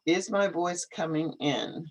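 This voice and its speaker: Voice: mid-range voice, takes it slowly, rough recording. An English teacher hosting a casual live stream over a video call, thinking aloud and repeating questions while fixing the setup. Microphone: computer video call.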